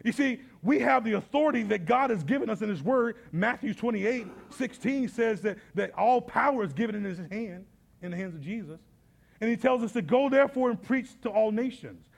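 A man's voice: high voice, lively intonation, a little fast, creaky. A middle-aged man preaching a sermon, telling stories and acting out the dialogue as he goes. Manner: storytelling preacher, acts out dialogue. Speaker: pastor.

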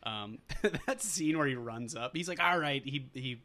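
A man's voice: medium pitch, lively intonation, measured pace, a bit bright. A man co-hosting a podcast, recapping a movie in a rambling, casual way with lots of fillers. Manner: rambling, full of fillers and quoted lines. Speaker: podcast co-host.

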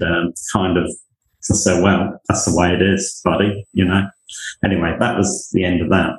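Uk guy telling old career stories, kinda low voice, echoey room. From United Kingdom. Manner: animated anecdotes, acts out quoted voices. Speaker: guest, university leader. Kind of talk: storytelling in conversation.

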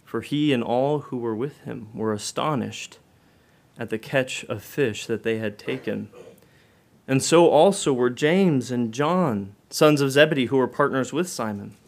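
A man preaching a sermon, asking the listeners direct questions, his delivery swelling loud and then dropping low and soft. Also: a little slow.

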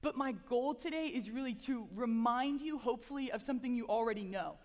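A young woman delivers a chatty, upbeat chapel talk full of playful asides. Her voice sits high. It rings out with a long reverb across a large hall. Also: a little fast, a little mellow. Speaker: chapel speaker, campus ministry assistant. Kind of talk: casual sermon with prayer.

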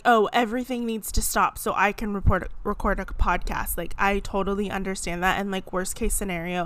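A woman's voice: medium pitch, no echo. Chatty woman venting on her podcast. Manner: chatty, many fillers, animated venting. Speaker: podcast host. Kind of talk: casual solo podcast rant. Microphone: podcast microphone.

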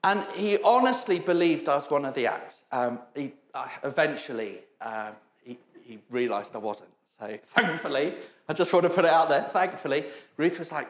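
A man's voice: a little high, lively intonation, normal speed, hardly any pauses. A man preaching a sermon, telling funny stories, acting out the voices of the people in them and laughing often. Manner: storytelling, acts out quoted voices, laughs often. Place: church hall. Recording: echoey church hall.

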